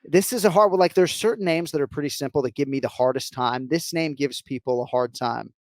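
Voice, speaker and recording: Un hombre con acento estadounidense que co-presenta un podcast, charla informal y bromista. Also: male voice, a little high, fairly quick, dry recording. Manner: teasing, lively, joking. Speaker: podcast co-host. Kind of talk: casual podcast banter.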